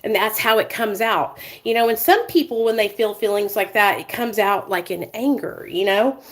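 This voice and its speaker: A woman's voice: mid-range voice, moderate pace, poor audio. A woman in her thirties talking to her viewers as a vlogger, emotional and rambling, with many fillers and asides. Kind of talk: emotional casual talk to viewers.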